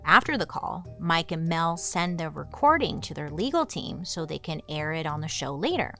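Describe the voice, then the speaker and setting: Bright chatty true crime woman. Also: sits low, very animated, moderate pace, faint music behind. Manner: chatty, lots of "like" fillers. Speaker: podcast host. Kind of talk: casual true crime storytelling.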